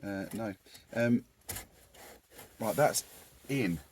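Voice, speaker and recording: Male DIY vlogger, lowish voice, casual rambling workshop chat, goofy asides. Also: lively intonation, drawn-out words, a little hiss or hum. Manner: rambling and jokey, talking to himself as he works. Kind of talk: casual workshop chat while fitting a stereo.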